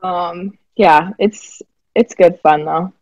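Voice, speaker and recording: A woman's voice: on the low side, fairly even intonation, takes it slowly, a little mellow, dry recording, muffled recording. Young woman, faint Southern lilt. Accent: faint Southern US, softened toward West Coast. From Alabama. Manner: easygoing, chatty, laughs lightly. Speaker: guest, basketball player development director. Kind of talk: casual interview chat.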